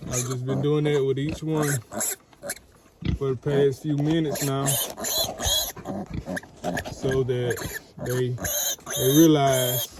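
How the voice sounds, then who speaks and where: Guy in a pig pen, slow calm drawl, piglets squealing loud in the background. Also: mid-range voice. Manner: slow, soothing, talks gently to piglets. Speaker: farm vlogger. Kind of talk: casual vlog narration while handling animals. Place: outdoor pig pen on a farm. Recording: noisy outdoor farm recording. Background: squealing piglets and grunting pigs.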